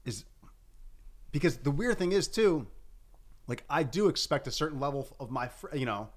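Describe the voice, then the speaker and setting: A man chatting casually on a podcast, rambling with halting restarts and lots of fillers. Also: a little high, animated. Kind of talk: casual comedic chat.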